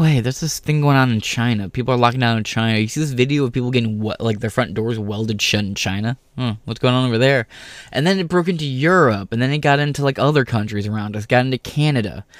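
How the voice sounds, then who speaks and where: A young man in a casual, profane monologue, ranting heatedly and getting louder as he vents. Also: mid-range voice, no room sound. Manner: profane, heated, animated rant. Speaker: commentator.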